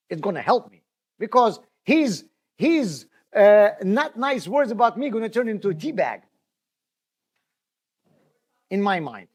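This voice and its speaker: A man's voice: very high-pitched, slightly rough. A man, a rabbi, teaching a class in a conversational, storytelling way, addressing his listeners directly and often restarting his words. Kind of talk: spoken Torah lesson.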